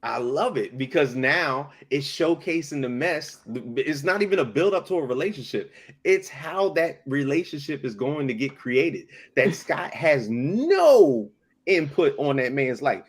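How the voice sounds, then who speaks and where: A man co-hosts a casual podcast, recapping a cartoon episode with profanity and acting out the characters' lines. His voice is fairly high with a breathy edge and lively intonation, and he takes his time.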